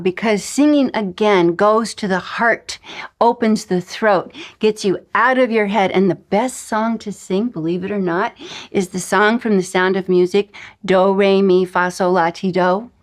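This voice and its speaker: A woman leads a spiritual lesson with an emphatic, coaching delivery. Her voice sits at an ordinary middle pitch for a woman. Now and then she slips into breathy whispered asides. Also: a little slow. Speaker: spiritual teacher. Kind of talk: recorded lesson.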